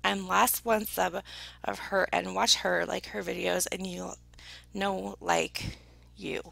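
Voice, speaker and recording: A woman in casual chat with her viewers, gushing and excitable, thanking people by name and now and then dropping into a whisper. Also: fairly low pitch, slow pace, vocal fry, no room sound. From United Kingdom. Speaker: vlogger opening viewer gifts.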